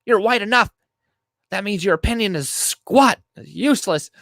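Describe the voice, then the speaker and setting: A man putting on a mocking impression of an angry woman scolding someone, loud and shrill. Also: normal speed, creaky, dry recording, studio quality. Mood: furious.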